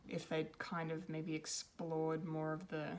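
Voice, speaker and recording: A woman's voice: deep voice, completely flat delivery, unhurried, a little hiss or hum. A woman giving an unscripted film review, rambling and hesitant, with many ums and restarts. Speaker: pop culture reviewer.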